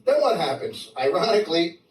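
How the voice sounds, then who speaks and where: Very animated and fairly quick, a high-pitched man from New York City tears through a brash stand-up set, stumbling over restarts before hitting crude punchlines. The live club audio is roomy and distant, with the audience laughing.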